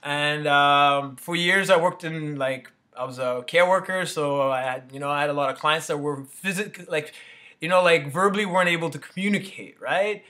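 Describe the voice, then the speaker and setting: Sex: male. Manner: rambling, full of "you know, right?". Tone: bright. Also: a little high, normal speed. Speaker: motivational speaker. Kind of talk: casual motivational talk.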